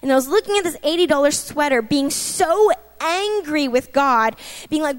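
A woman's voice: high-pitched, lively intonation, unhurried, big-room sound. A woman giving a conversational sermon testimony, personal and emphatic, with frequent asides to her listeners. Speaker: preacher sharing a testimony.

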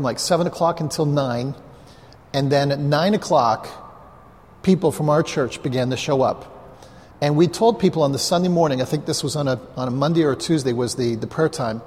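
A man's voice: fairly high pitch, darkish tone. A man, a pastor, telling a story in a conversational sermon with asides to the congregation, on a clip-on mic. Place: church hall, live before a congregation. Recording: long reverb of a large hall.

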